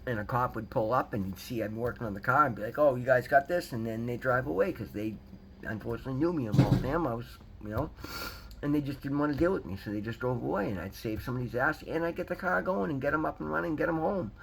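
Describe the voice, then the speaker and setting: A man's voice: mid-range voice, fast talker, vocal fry, a bit bright, a little hiss or hum, poor audio. A man, talking earnestly to his viewers in a rambling, repetitive way and calling them guys. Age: 50s. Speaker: recovery vlogger. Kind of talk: casual motivational talk to camera.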